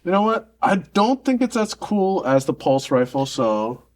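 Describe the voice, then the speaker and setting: A man co-hosting a podcast in casual chat, enthusiastic, with quick reactions to his partner. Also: sits high, sing-song. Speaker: podcast co-host.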